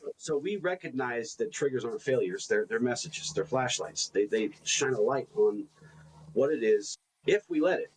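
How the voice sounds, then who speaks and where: A man of middle pitch co-hosts a reflective podcast chat. He tells self-deprecating stories with animated energy and stumbles over repeated words. A faint bed of noise sits under his voice. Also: normal speed, low-quality recording. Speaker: podcast co-host.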